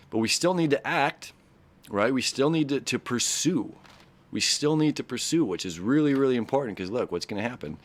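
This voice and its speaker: A man hosting his own astrology channel, talking to his camera in a rambling, animated way full of "you know"s and restarts. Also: fairly low pitch. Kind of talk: casual motivational talk to camera. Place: his own recording spot, seated. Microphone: camera setup he operates himself.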